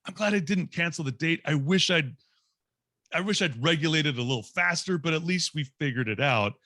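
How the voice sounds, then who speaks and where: A man's voice: fairly high pitch, brisk, sharp tone, no echo, clean studio sound. A man in his late forties tells a candid, self-mocking personal story to a group over a video call. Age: 40s. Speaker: guest speaker.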